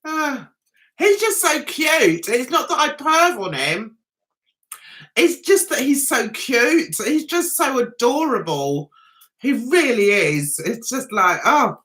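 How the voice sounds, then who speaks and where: Woman, middle-aged, british, live-stream chat, giggly, lively sing-song pitch, unhurried delivery. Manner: giggly, chatty, often laughs at herself. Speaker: vlogger hosting a live chat. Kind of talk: casual live-stream chat reading comments.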